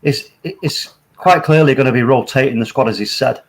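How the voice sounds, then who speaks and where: A man co-hosting a casual football watchalong, giving animated, opinionated takes. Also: mid-range voice, moderate pace. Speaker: co-host of a watchalong.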